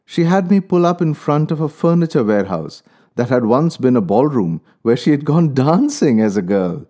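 A man telling a first-person story in a calm, measured, reflective way. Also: medium pitch. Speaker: narrator. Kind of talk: storytelling narration.

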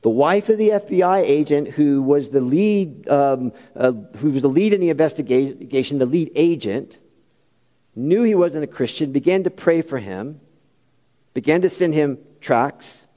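A man preaches with fervor, his voice climbing to emphatic peaks and softening into folksy personal asides. His tone is mellow and dark, and he sits somewhat high for a man. The sound carries a long reverb, as if it fills a large hall. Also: expressive, measured pace, lo-fi sound. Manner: impassioned, rising to emphatic peaks. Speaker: pastor. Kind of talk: sermon.

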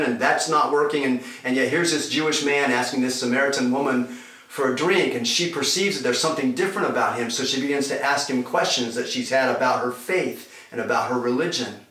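Preaching from a distance in an echoey room, a male pastor retells scripture as a lively, animated story in a medium-pitched voice.

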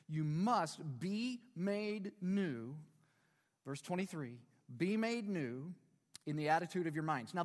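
A man in his fifties delivers a sermon in a chatty, joking way and keeps checking that his listeners follow. His voice sits fairly high and jumps around a lot. A long reverb hangs behind him, as in a large hall. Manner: conversational preaching with rhetorical questions and humor. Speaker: pastor.

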